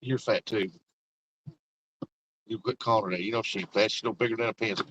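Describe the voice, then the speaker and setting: A fairly low, fairly bright voice with fairly even intonation comes from an older man livestreaming as he drives icy roads, talking a little fast. The audio is poor, with some hiss or hum. He's folksy and meandering, teasing the people in the car and chatting with viewers.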